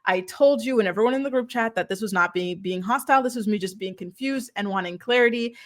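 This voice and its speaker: A woman's voice: mid-range voice, fast. A woman hosting a celebrity gossip commentary, talking in a sarcastic, snarky way and laughing now and then. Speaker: commentary channel host.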